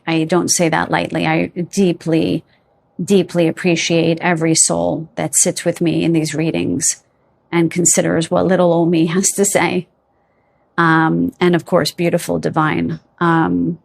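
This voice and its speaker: In a low, gravelly voice, a middle-aged woman offers her viewers a pick-a-card tarot reading. She's chatty and rambling, often loses her train of thought, and shows open affection for her audience.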